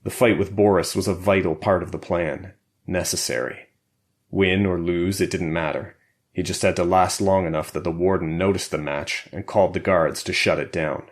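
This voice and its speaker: A man narrating an action thriller audiobook in a steady, measured way. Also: low voice. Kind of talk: scripted narration.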